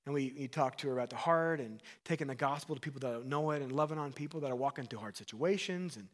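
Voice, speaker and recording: A man's voice: mid-range voice, fast. A man in his thirties, a pastor preaching a sermon in an earnest, conversational way, asking the congregation questions and adding asides.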